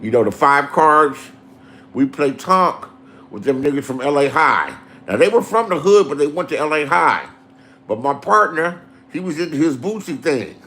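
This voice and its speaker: Profane, animated Los storyteller man. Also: fairly high pitch, moderate pace. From Inglewood, Los Angeles. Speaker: host telling stories. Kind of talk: casual storytelling.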